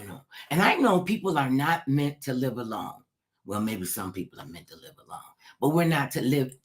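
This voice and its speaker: A woman host giving an impassioned livestream monologue, preachy, firing rhetorical questions at her listeners and repeating phrases for emphasis. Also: fairly low pitch.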